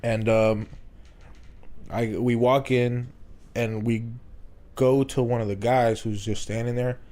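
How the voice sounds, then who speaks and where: A man's voice: medium pitch, slow pace. A young man casually telling a story to friends on a podcast, swearing and laughing often. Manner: swearing, laughing, animated retelling. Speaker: podcast host.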